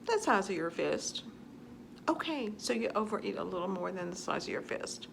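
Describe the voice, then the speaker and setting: A woman's voice: medium pitch, big pitch swings, moderate pace, creaky, slight background noise. A woman vlogger answering viewer questions in a chatty, earnest way, often repeating phrases for emphasis. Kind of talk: casual advice talk to camera.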